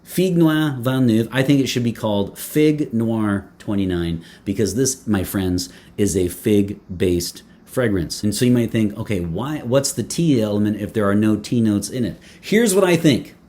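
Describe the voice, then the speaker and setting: A man's voice: fairly low pitch, moderate pace, few pauses, mellow. A man reviewing a fragrance in casual talk to camera, playful and chatty, with many fillers, restarts and joking asides.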